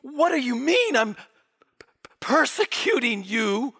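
A man's voice: very high voice, very animated, unhurried, sharp tone, husky, voice pushed up, exaggerated voice. A preacher acting out a bewildered man protesting. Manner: incredulous, protesting. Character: stunned, bewildered man protesting his loyalty.

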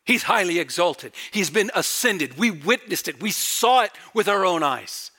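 This middle-aged pastor's expository sermon comes in a high-sitting voice with lively intonation and a measured pace. Emphatic and repetitive with key phrases, he moves from loud declarations down to hushed remarks.

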